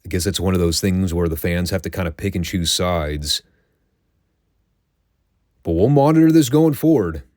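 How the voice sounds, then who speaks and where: A man's voice: low voice, animated, normal speed, pauses often, darkish tone, no echo, studio quality. A man hosting a show, giving a casual, wry recap of old wrestling episodes and swearing now and then. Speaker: podcast host reviewing classic wrestling.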